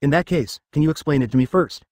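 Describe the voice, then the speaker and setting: A man reading the lines of a calm, curious young man adventurer in a machine-read fan fiction, without a distinct voice. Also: a little high, fast talker, no echo, studio quality, natural voice. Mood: plain. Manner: plain read voice, no change for the role.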